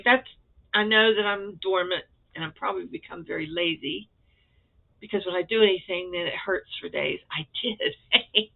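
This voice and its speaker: A woman's voice: fairly low pitch, expressive, normal speed, vocal fry. An older woman vlogging about her crafts, rambling and effusively grateful, with a self-deprecating way of talking. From Florida. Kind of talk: casual chatty update. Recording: tinny phone-like sound.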